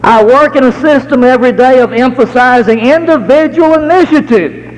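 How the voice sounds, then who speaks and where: A middle-aged American man preaches in a high voice, telling homely stories with an easy folksy manner. He drags out the words he wants to stress. His sermon rings with long reverb from a large church hall. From United States. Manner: folksy storytelling, slows to stress key words.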